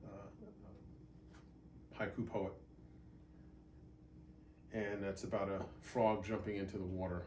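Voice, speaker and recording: Guy talking slow about haiku, kinda low voice, lots of ums and uhs. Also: darkish tone, slight background noise. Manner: unhurried, many ums and uhs, thinking aloud. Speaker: haiku teacher and host. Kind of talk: relaxed spoken lesson.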